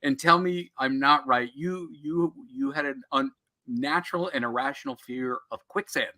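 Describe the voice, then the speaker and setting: A middle-aged man from New Jersey with a bright, forceful voice at a middling pitch, chatting casually as co-host. He tells stories in a jokey, animated way. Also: moderate pace. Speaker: co-host of a comics podcast. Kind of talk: casual chat.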